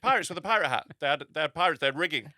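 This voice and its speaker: A man co-hosting a comedy podcast, riffing with rapid-fire repeated jokes. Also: fairly high pitch, animated, sharp tone, no echo, studio quality. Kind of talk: casual chat.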